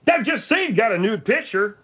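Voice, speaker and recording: A man's voice: high-pitched, big pitch swings, brisk, fairly bright tone, slightly rough, pitched above the performer's own voice, full character voice. A man voicing a crude, needling male studio sidekick in comedic talk radio role-play. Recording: dull muffled sound.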